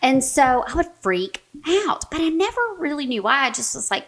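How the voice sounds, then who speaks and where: A woman in her forties, a therapist and podcast guest, telling a story in a lively, animated way, full of "like" and "right?". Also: a little high, normal speed. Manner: animated, many fillers like "right?" and "like". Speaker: mental health therapist, guest. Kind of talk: casual storytelling in a podcast interview.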